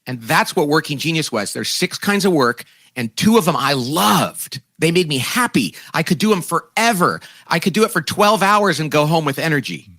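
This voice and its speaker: A man, a guest author, telling a lively conversational story and acting out quoted voices in a self-deprecating way. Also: fairly high pitch, normal speed, no room sound.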